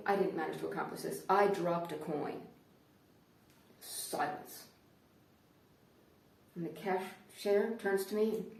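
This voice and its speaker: A woman comedian performing a stand-up routine, telling her stories in an animated way. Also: medium pitch. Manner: animated storytelling. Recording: roomy, distant mic.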